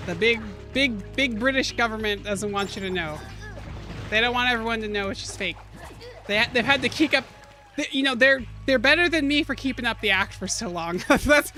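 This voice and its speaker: A woman streaming a video game, commenting out loud, joking and exclaiming as she plays. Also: a little high. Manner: animated, exclaims and laughs often, jokes with chat. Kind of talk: live gaming commentary.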